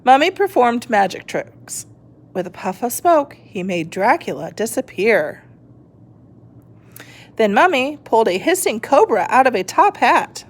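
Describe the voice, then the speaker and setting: A woman reading a children's picture book aloud, slow and expressive. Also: on the high side. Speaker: reader.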